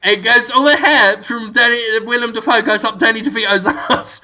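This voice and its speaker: A man co-hosting a comedy podcast, spinning an absurd story with giggles and sudden shouted bits. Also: very high-pitched, steady tone, normal speed, rough recording. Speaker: podcast co-host.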